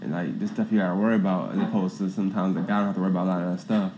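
A man's voice: low-pitched, fairly even intonation, racing, noisy background. A man, talking in a rambling way with lots of fillers.

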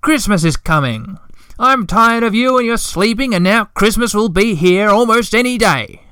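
A man voicing a fussy, cross male Hemulen creature who complains loudly in a raised, flustered voice. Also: normal speed, smooth, no room sound, clean studio sound. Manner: high, loud, complaining.

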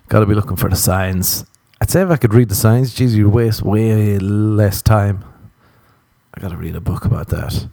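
Crude, rambling man with a low voice. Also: creaky, mellow, no echo. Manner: crude, rambling, swears constantly; self-mocking, drifts into quick asides. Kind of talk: casual comedic monologue.

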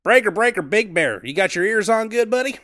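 A big, loud trucker calling over his CB radio, as a man hams it up reading a comedy script. The voice sits well above his usual talk and bounces all over the place. It sounds dry and close-miked. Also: sits high, lively intonation, brisk, dry recording, pitched above the performer's own voice. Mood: hammy. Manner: hammy, raised, shouty delivery.

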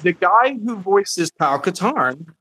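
A man's voice: high-pitched, big pitch swings, measured pace, pushed and bright, breathy edge, low-quality recording. A young man co-hosting a podcast, chatting casually and enthusiastically with lots of fillers. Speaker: podcast co-host. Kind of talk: casual chat.

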